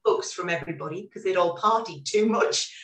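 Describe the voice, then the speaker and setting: Woman in her forties, animated storyteller, video call guest, echoey room, a bit far from the mic. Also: lowish voice, fairly quick. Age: 40s. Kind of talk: casual interview chat.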